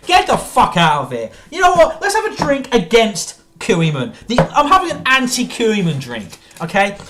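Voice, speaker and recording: Woman, profane exasperated rant, lively pitch, echoey room, faint background noise. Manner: profane, exasperated, animated ranting. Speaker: streamer. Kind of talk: ranting reaction commentary.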